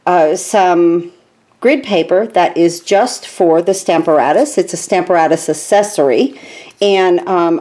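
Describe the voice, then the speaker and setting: A woman's voice: lowish voice, a little mellow. A woman in her fifties, a stamping demonstrator giving a chatty, enthusiastic card-making tutorial from her home craft room, with frequent ums along the way.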